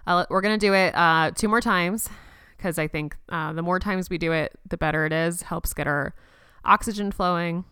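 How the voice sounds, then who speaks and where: A young woman hosting a personal podcast, speaking gently and reassuringly as she leads listeners through a slow counted breathing exercise. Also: fairly low pitch, clear, resonant tone, no echo, clean studio sound. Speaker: podcast host.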